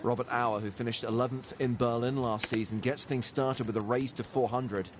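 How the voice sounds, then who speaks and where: A man giving play-by-play sports commentary, brisk and lightly witty. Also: mid-range voice, fairly even intonation, background noise.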